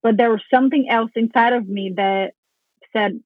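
Woman, casual podcast storyteller, animated, swears freely, tinny phone-like sound, dry. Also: a little high, moderate pace, no echo. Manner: animated, swears casually, acts out her own past thoughts. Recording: phone-like narrow band, dry.

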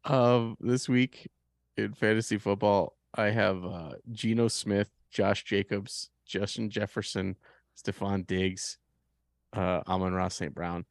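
A man co-hosting a sports podcast in casual, rambling talk, playful with a worried streak. His voice sits lowish for a man and sounds dry and close. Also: fairly even intonation, slow, dry recording. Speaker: podcast co-host.

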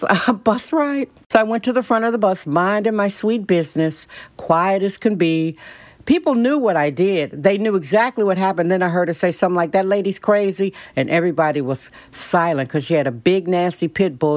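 A woman's voice: medium pitch, no room sound. A middle-aged woman hosting a podcast, telling stories to her listeners in a blunt, opinionated, chatty way. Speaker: podcast host. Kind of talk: casual monologue to listeners.

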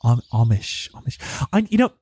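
A man's voice: medium pitch, sing-song, normal speed, a little mellow, breathy edge, no room sound. A man voicing an impatient farmer who is baffled and blunt with strangers blocking his road. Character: gruff farmer man pushing a wheelbarrow, impatient.

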